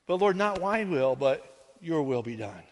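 A pastor delivers his sermon in an earnest, conversational way, his voice sitting high for a man. He keeps checking in with the congregation with quick asides. The sound rings with the long reverb of a large hall. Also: sing-song. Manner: earnest, conversational preaching with frequent "right?" asides.

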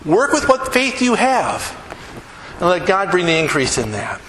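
Middle-aged male pastor, bright and high-pitched, animated sermon delivery with questions to the congregation; roomy hall reverb. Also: measured pace, slight background noise. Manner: animated, acts out little scenes and quizzes the congregation. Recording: echoey hall with long reverb.

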